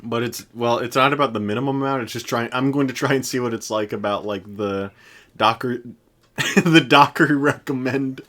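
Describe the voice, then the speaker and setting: A man's voice: mid-range voice, steady tone, fairly quick, a bit bright. Young guy cohosting a podcast, rambly, lots of like and you know, laughs a lot. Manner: laughing, rambling with many fillers. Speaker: podcast co-host. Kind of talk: casual chat.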